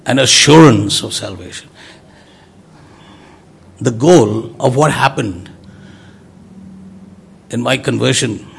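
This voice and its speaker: Slow gravelly preacher man. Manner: emphatic, swings from loud exclamations to soft low words. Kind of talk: sermon.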